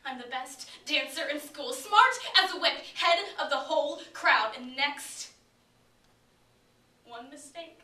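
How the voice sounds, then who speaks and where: A young woman acts out a bitter middle-aged mother who mocks and belittles. The voice is high and bright, with a sharp, cutting edge. It is heard from a distant camera in a roomy, echoing space. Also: exaggerated voice. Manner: sarcastic, cutting, mocking. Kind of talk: solo dramatic interpretation. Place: competition room. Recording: echoey room from far off.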